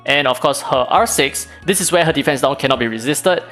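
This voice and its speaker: A man hosts a game guide and breaks down tactics at a rapid clip. His voice sits a touch high for a man, and his delivery is casual and analytical. Soft music plays faintly behind him. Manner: casual, analytical, fast-talking with fillers. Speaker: gaming channel host.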